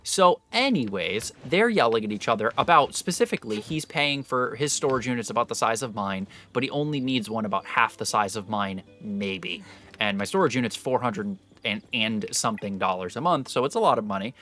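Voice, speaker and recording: A young man on a live stream spinning a long, rambling anecdote for his chat. His tone is bright and forceful, with lively jumps up in pitch and a freely swearing, easygoing delivery. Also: fairly quick, soft background music. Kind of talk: casual storytelling to live chat.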